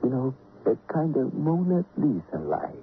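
A man's voice: mid-range voice, normal speed, a little hiss or hum. An actor playing a wistful, lonely bookseller who muses about a woman he admired, in a 1950s radio drama. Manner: musing, wistful, lively ups and downs. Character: wistful lonely middle-aged bookseller man. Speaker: lending library keeper. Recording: tinny old radio broadcast.

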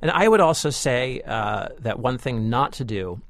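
A man's voice: mid-range voice, normal speed, no room sound. A man co-hosting a film review show, joking and laughing between restarts as he picks apart a movie. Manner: animated, laughing, deadpan jokes with many restarts. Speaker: podcast co-host, film critic. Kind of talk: casual movie review banter.

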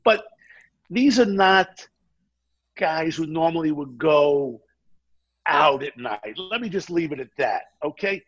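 A man telling a long anecdote in a casual chat, animated and often quoting the people in his story. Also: on the high side, slow, pauses often, dull audio. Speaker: guest.

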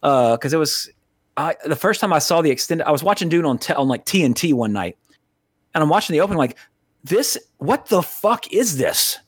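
A man with a somewhat higher voice than most men rambles through a casual film review chat. He swears a lot and keeps cutting himself off. The sound is close and dry, with no room around it. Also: lively intonation, fast talker, husky, dry recording. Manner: rambling, profane, self-interrupting. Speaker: podcast co-host reviewing films.

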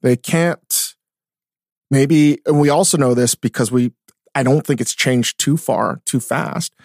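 A man co-hosting a casual podcast, talking in an animated way, swearing often and restarting his sentences. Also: mid-range voice, measured pace, no room sound, studio quality. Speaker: podcast co-host, chef. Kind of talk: casual chat. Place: studio.

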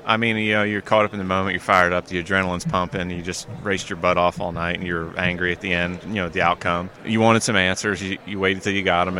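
Male interview guest with a North Carolina drawl, very deep and bright voice, easygoing casual delivery, taped outdoors on a handheld recorder. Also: slight background noise. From New Jersey. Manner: laid-back, easygoing, laughs often. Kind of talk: casual chat.

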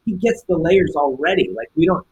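A man's voice: fairly high pitch, lively intonation, fairly quick, darkish tone, a little hiss or hum, rough recording. A man, a film director being interviewed, telling a story casually and acting out the quotes.

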